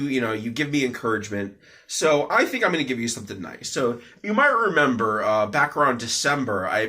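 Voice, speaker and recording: Young man, bright tone, rambling, lots of fillers, casual vlog update. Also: mid-range voice. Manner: rambling, many fillers and restarts. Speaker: vlogger. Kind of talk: off-the-cuff personal update.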